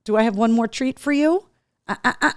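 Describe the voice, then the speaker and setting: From a home studio room, a woman hosts a casual live show, coaxingly chatting to her dogs and reading out viewer comments. Her voice is a little high and clean-toned, fairly quick, with clean studio sound and no echo.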